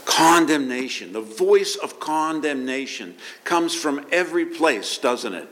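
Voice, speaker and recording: A male pastor delivering a sermon, talking in an animated way, asking his listeners rhetorical questions and repeating words as he builds his points. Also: a little high, measured pace.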